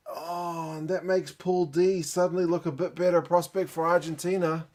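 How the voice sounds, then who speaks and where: A man's voice: a little high, steady tone, normal speed, few pauses, a little mellow. A man giving live reaction commentary, thinking aloud with gasps and exclamations, tired late at night. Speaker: rugby channel host.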